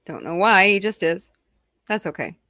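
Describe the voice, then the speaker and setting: A woman's voice: medium pitch, animated, normal speed, pushed and bright, no echo. Chatty middle-aged woman streamer host, dry close mic, reads the chat as she goes. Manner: chatty, reads and answers viewer comments. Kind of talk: casual live-stream chat.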